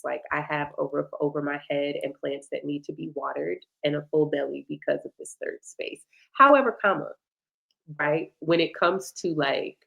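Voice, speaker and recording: A woman guest joins a casual conversation with a somewhat low voice. She speaks emphatically and expressively, pressing her points with energy. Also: gravelly, poor audio. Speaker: guest astrologer. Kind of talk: casual chat.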